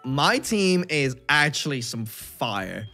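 A man's voice: medium pitch, sing-song, takes it slowly, sharp tone, faint music behind. A man hosting a casual gaming commentary session, hyped and teasing his opponent in playful banter. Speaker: channel host gamer.

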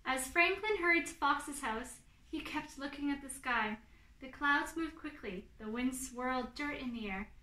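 A woman reads a picture book aloud to preschoolers, expressive and pausing to ask the children questions. Her voice is high and bright, and it echoes in the room. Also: recorded from a distance. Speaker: storyteller.

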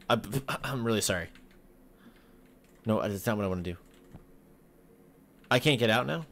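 A man giving casual joking commentary while playing a horror game, talking to his viewers with sudden yelps and shouts. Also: mid-range voice, lively intonation, moderate pace, long pauses, slight background noise. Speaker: gaming video host. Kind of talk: casual let's-play commentary.

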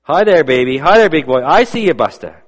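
A preacher voicing a scruffy, drunk old man who calls out excitedly to a baby, high and eager, recorded in a reverberant hall. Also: a little fast. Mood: gleeful.

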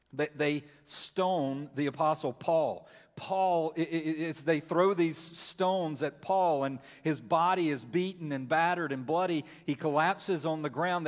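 Preaching man with a lively storytelling swing. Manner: dramatic storytelling, repeats words, rises and falls in pitch and volume. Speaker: pastor. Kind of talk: sermon. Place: church sanctuary. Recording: long hall reverb.

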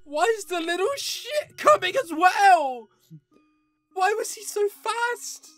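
A woman's voice: extremely high pitch, animated, slow pace, fairly bright tone, dry recording, soft background music. A young woman commentating her play of a horror game, panicking, laughing and swearing at it. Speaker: gaming YouTuber.

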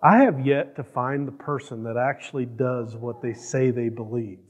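A man's voice: medium pitch, normal speed, breathy edge, in a large hall. A man preaching a sermon as pastor, often asking the congregation questions and acting out quoted prayers. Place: church sanctuary.

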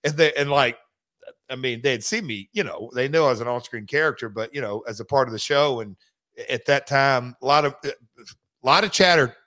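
A man hosting a podcast in casual chat, speaking haltingly and restarting often. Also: medium pitch, pushed and bright. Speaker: podcast host, former wrestler.

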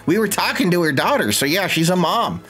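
A man's voice: high-pitched, animated, fairly quick, a bit bright, soft background music. A young man streaming a life-sim game, with casual, sarcastic, jokey commentary and frequent swearing.

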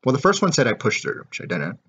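Man vlogger, mid-pitched and husky; profane, rambling rant on a dull lo-fi recording. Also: huge pitch swings, fast, pushed and bright. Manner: profane, rambling, heavy filler words. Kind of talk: casual rant to camera.

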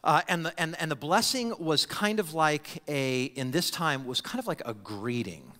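A male pastor preaches in a church, his bright, slightly high voice swinging widely in pitch. He tumbles over words and repeats himself as he acts out little scenes, with a long reverb ringing through the hall. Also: moderate pace. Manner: animated, acts out quoted voices. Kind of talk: sermon. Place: church sanctuary.

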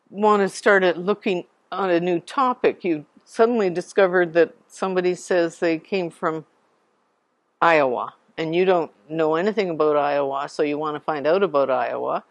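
A woman giving an informal public talk as a genealogy society speaker, chatty and digressive, clearing her throat now and then. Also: deep voice, no echo.

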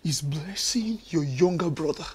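A betrayed, tearful young groom. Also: male voice, high voice, big pitch swings, unhurried, husky, full character voice. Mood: tearful accusing. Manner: tearful, accusing, bursts into shouts. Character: heartbroken young man confronting his deceiving bride-to-be. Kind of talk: Nollywood film drama acting.

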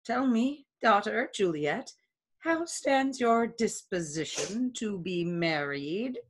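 A woman reading the part of a stiff, proper noblewoman mother in a casual play reading, in a measured, even delivery. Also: medium pitch. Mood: formal. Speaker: reader.

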